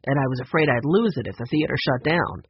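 A man's voice: mid-range voice, fast, slightly rough, no room sound, muffled recording, voice pushed down, natural voice. A man voicing a sheepish, guilty theater worker in an audiobook.

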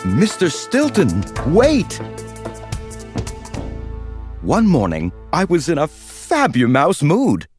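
A man narrating a children's audiobook in the first person, with a playful, expressive manner. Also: fairly low pitch, dry recording.

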